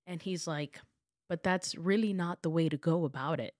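A woman's voice: fairly low pitch, moderate pace, darkish tone, no echo, studio quality. A woman hosting a casual conversation, retelling a story and quoting what people said. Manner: chatty, retells anecdotes with quoted dialogue.

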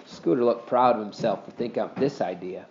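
A man narrating a children's storybook in an animated, expressive reading style. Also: fairly low pitch, fairly quick, highs cut off, a little hiss or hum. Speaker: audiobook reader.

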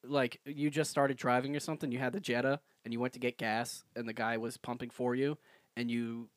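A man's voice: mid-range voice, little pitch movement, fairly quick, dry recording. A man around thirty co-hosting a podcast, reflective and laid-back in casual chat. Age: 30s. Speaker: podcast co-host.

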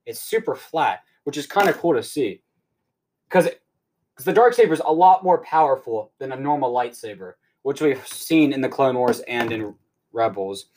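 A young man hosting a podcast, rambling excitedly through a casual recap and swearing often. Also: medium pitch, moderate pace. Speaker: podcast host.

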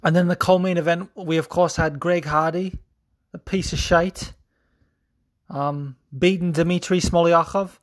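A man's voice: fairly high pitch, steady tone, a little slow. A podcast host doing a casual fight recap in a put-on Scouse accent, mocking his own attempt. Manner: putting on a mock Liverpool accent, self-mocking.

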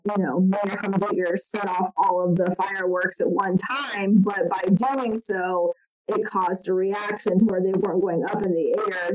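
A woman's voice: mid-range voice, rough recording. A woman podcast co-host in casual chat, telling rambling stories as a mom. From Ohio. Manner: rambling storyteller, mom talk. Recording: audio with clear background noise.

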